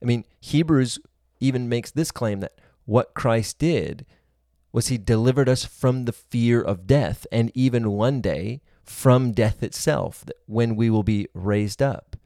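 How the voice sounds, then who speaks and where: A man's voice: mid-range voice, measured pace, dark tone, dry recording, studio quality. A man giving a sermon-style teaching, earnest and reasoning aloud, building his points in long spoken lists.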